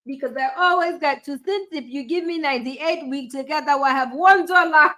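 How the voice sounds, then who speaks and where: A woman's voice: sits high, normal speed, bright, forceful tone. A woman hosting a casual screen-share tutorial, thinking aloud, chatting and laughing at her own jokes. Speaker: life coach and tech tutorial host.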